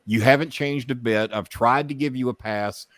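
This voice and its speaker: A man's voice: medium pitch, normal speed, no echo. A man in the middle of his register tells blunt personal stories as a podcast guest, cursing freely and rising in heat as he rants. The sound is dry and close, with no room around it. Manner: profane, impassioned, animated when ranting. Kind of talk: candid storytelling.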